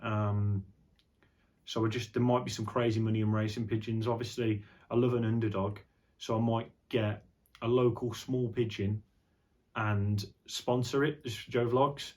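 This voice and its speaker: Young guy rambling on his vlog, kinda low voice, jokey and sweary. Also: fairly even intonation, moderate pace, darkish tone. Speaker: vlogger. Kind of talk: casual unscripted vlog chat.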